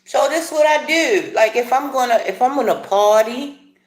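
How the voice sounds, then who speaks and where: A middle-aged woman hosting a casual livestream, chatting in a rambling, playful way with animated asides. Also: high voice, moderate pace, roomy sound. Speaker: livestream host. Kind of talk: casual live chat while eating breakfast.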